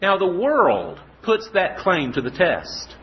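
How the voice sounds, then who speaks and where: A male preacher delivering a sermon with a lively, rising and falling voice, slightly higher than most men. He tells stories, asks rhetorical questions and reads scripture slowly with weight. The recording is dull and lo-fi. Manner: storytelling, rhetorical questions, slow emphatic scripture reading.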